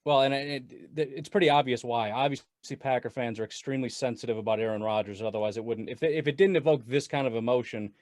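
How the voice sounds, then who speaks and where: Animated rambling man, dry sound. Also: mid-range voice, fast, few pauses, no room sound. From Wisconsin. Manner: animated, rambling, laughs often. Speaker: guest Packers commentator. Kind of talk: casual podcast chat.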